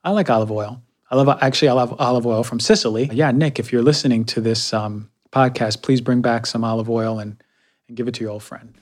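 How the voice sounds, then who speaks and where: A man's voice: mid-range voice, fairly even intonation, brisk. A man hosting a podcast, talking casually and reviewing products, repeating himself with fillers. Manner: chatty, repeats words, many fillers. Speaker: podcast host.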